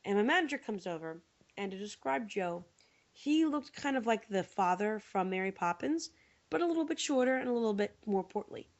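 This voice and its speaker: A woman's voice: mid-range voice, fairly quick. A woman co-hosting a podcast, telling a long story in casual chat with lots of fillers, tired. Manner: rambling, animated storytelling with many fillers. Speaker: podcast co-host. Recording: dull lo-fi podcast audio.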